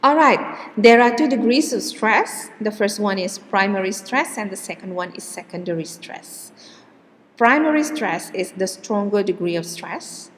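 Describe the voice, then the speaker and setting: A woman lecturing on pronunciation at a slow, deliberate pace, stretching out example words to show where the stress falls. Her voice carries a long reverb, as if recorded in a large hall. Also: medium pitch, animated. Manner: slow and patient, repeats words with exaggerated stress. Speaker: English teacher.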